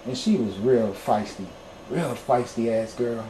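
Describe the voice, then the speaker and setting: A man telling his own story to viewers in a casual, animated way, swearing freely and getting loud when excited. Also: mid-range voice, a little slow, slight background noise. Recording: roomy echo, faint background ambience.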